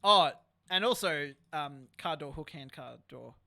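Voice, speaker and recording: A man joining a friend's live stream for casual talk, speaking in a relaxed but hesitant way with lots of restarts. His voice is bright and sits a little high. The sound is dry. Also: unhurried, creaky, dry recording. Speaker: guest friend. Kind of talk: casual chat.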